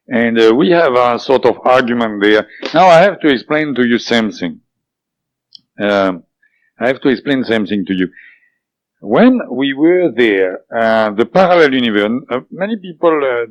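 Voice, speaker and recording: A man with a French accent tells a personal story in an interview, halting often to restart his sentences. His voice sits fairly low. The audio is dull and dry, with a muffled, low-fidelity sound. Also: dry recording. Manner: hesitant, with many fillers and restarts. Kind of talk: recounting a personal experience.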